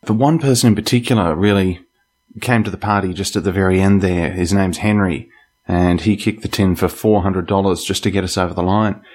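A man hosting a podcast, speaking slowly and in a measured way. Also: low-pitched, steady tone, darkish tone. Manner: slow, measured speech. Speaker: podcast host. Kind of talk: casual interview.

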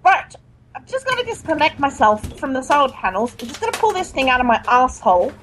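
A high, lively, desperate woman, as a woman puts her on pleads and whines melodramatically. Her voice leaps up and down as she clings to her old boss in an improvised comedy sketch. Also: fast talker, slight background noise, low-quality recording. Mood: scheming. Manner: pleading, melodramatic, says his name constantly.

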